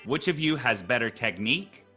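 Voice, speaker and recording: A man's voice: medium pitch, big pitch swings, moderate pace, sharp tone, soft background music. A man hosting a casual web show, upbeat and chatty with loose fillers. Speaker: show host.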